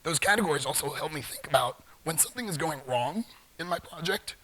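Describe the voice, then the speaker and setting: A man's voice: fairly high pitch, expressive, normal speed, sharp tone. A middle-aged man giving a live talk in a large conference hall, joking playfully with the audience. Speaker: conference speaker.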